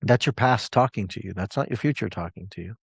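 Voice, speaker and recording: A man's voice: lowish voice, fast talker, vocal fry, slightly rough, dry recording. A man coaching clients on a live call, telling a story in an emphatic, conversational way.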